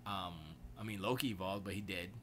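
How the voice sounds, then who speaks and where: Male stream host, bright and sharp tone, casual slangy banter, faint background hiss. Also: low voice, fairly quick. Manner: loose, excitable, slangy rambling. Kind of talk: casual gaming and movie chat. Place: home studio.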